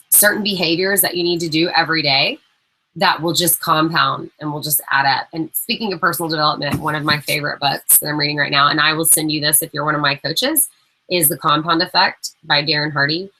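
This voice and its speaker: A woman's voice: deep voice, steady tone, fairly quick, bright, forceful tone, poor audio. A young woman coach giving new team members a casual, encouraging welcome talk, chatty and full of fillers.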